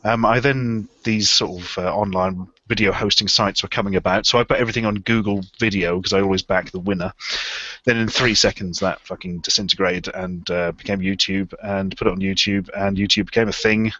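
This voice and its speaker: Low, bright-voiced man. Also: fairly even intonation, fairly quick. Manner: swearing, self-mocking, rambling. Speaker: panelist on live stream. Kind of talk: casual storytelling. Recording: dull lo-fi live stream audio.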